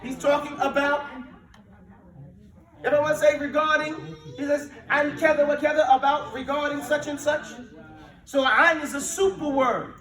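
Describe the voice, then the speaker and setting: A man with a high voice leads an Arabic language lesson, calling out words for his students to repeat. He explains with lively, emphatic energy, switching between Arabic and English. He sounds some way from the mic in an echoey classroom. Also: normal speed, long pauses. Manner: drills students with call-and-response, mixing Arabic and English. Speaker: Arabic teacher. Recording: echoey room, mic at a distance.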